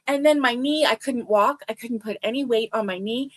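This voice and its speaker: Woman, crochet stream host, casual rambling chat, slightly high voice. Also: a little slow, fairly bright tone. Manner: rambling storyteller, chats with viewers.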